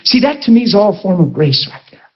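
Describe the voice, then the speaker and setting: A man preaching and telling a personal story to a school class, animated and laughing, on a dull lo-fi recording. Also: quick pace. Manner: animated, laughing, swings between high and low voice. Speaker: pastor teaching a ministry school.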